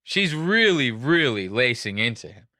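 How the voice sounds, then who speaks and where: A man's voice: medium pitch, sing-song, a little slow, bright, forceful tone, no room sound, clean studio sound. A young man hosting a casual podcast, rambling and swearing as he jokes through the story. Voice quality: profane, rambling, jokey. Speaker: podcast host.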